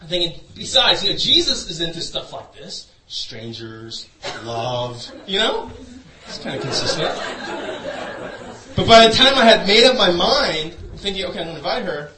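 A man's voice: high voice, big pitch swings, moderate pace, a crowd in the background. A man preaching a sermon through a personal story, in a loose conversational way full of "you know". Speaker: pastor. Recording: echoey room, voice from a distance.

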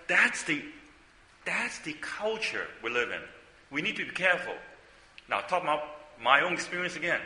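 A man's voice: mid-range voice, sharp tone. Older man preaching in an echoey hall. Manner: conversational storytelling, frequent asides and rhetorical questions. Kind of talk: sermon.

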